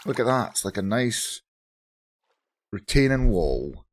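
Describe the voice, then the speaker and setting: A Scottish man with a hoarse, groggy voice, chatting casually to viewers while playing Minecraft on his channel. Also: on the low side, big pitch swings, takes it slowly. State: hoarse from shouting. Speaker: gaming channel host. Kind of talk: casual Minecraft let's play commentary.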